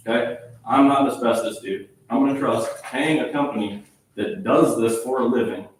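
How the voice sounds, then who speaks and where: A man's voice: mid-range voice, moderate pace, slight background noise. A man who leads a local fire department, speaking firmly at a town council meeting and often asking "okay?". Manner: firm, defensive, repeats "okay?". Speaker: volunteer fire chief. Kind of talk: public comment at a council meeting. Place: small town council chamber. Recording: echoey room from far off.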